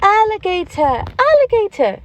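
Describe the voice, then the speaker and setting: A woman voicing small excited animal children, a pig and a giraffe, who repeat each word back to their teacher in a squealing chorus. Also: very high-pitched, moderate pace, pitched above the performer's own voice. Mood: eager.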